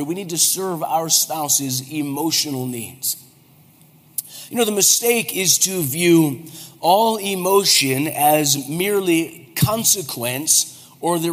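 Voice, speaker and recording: A man in his forties, a pastor preaching a humorous sermon and acting out quoted voices. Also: fairly high pitch. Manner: animated, joking, acts out quoted voices. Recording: hall reverb, faint background noise.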